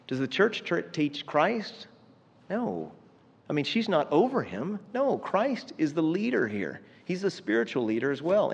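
A man's voice: mid-range voice, a little mellow. Guy preaching in a church hall, chatty, lots of ums, long echo, kinda muffled sound. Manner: conversational preaching with frequent fillers and laughs. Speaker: pastor. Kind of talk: sermon.

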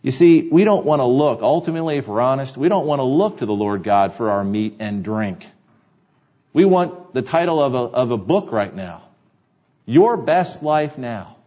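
Male pastor, mid pitch, mellow tone, earnest sermon delivery, dull recording. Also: animated, moderate pace. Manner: earnest preaching, repeats key phrases for emphasis. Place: church sanctuary.

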